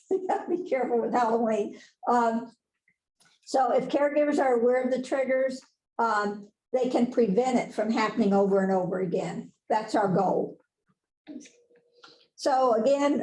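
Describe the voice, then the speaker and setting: Woman, nurse educator, casual folksy lecturer, higher voice, echoey room sound. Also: a little mellow. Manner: chatty, folksy, laughs at her own asides. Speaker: nurse educator presenting on dementia care. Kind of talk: conversational webinar lecture.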